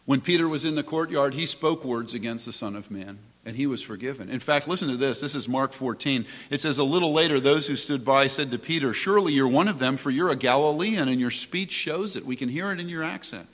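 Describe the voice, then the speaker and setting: A man's voice: medium pitch, brisk, hardly any pauses, a bit bright. A man preaching a sermon, earnest and emphatic, reading scripture aloud. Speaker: pastor. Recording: long hall reverb.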